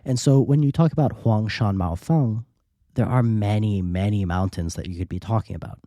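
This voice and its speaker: A man with a low, very dark and mellow voice tells a travel story in a relaxed podcast style. He acts out the lines of the people he met along the way. The sound is dry and close, with no room around it. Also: moderate pace, dry recording. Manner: lively anecdotal storyteller, acts out quoted dialogue. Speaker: podcast host. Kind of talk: casual storytelling.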